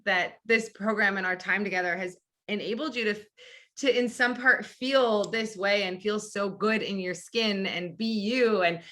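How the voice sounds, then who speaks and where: A woman's voice: mid-range voice, steady tone, normal speed, pushed and bright. A woman hosting a podcast interview, chatty and effusive. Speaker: podcast host and coach. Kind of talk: casual interview.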